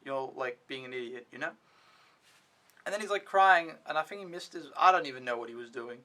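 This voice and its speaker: A man's voice: mid-range voice, expressive, brisk, pushed and bright. A young man doing a casual vlog recap of his week as an au pair, rambling with lots of "like" and frequent swearing. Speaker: au pair vlogger.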